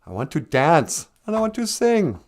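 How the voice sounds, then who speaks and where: A man's voice: a little high, huge pitch swings, normal speed, voice pushed up. A man voicing an earnest young man who pleads with his grandfather about his dreams. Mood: pleading.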